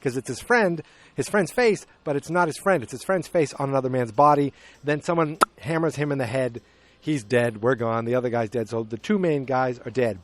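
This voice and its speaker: Male podcast host, casual rambling recap, mid pitch. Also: normal speed. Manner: rambling, restarts, acts out characters' lines.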